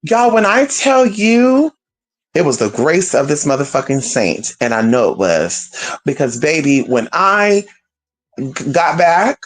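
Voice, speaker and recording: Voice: mid-range voice, measured pace, slight background noise. Spiritual vlogger rambling a story, bouncy up-and-down voice, cussing a lot, slangy y'all talk. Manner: animated, profane, slangy, addresses viewers as "y'all". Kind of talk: casual storytelling to viewers.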